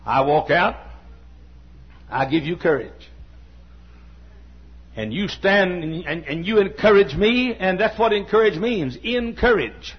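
An older man preaching a sermon as pastor, repeating his points and building up to shouts. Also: high voice, expressive, measured pace, pauses often, slightly rough, dull audio. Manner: impassioned preaching, repetitive, rising to shouts.

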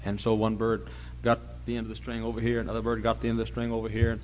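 A male pastor preaching a sermon, telling folksy stories and rising to loud preaching. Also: fairly low pitch, completely flat delivery, fast, lo-fi sound, a little hiss or hum.

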